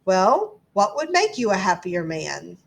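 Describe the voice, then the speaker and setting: A woman's voice: medium pitch, very animated, creaky, exaggerated voice. A woman doing a mysterious wish-granting stranger. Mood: cautioning. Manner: cautioning, measured.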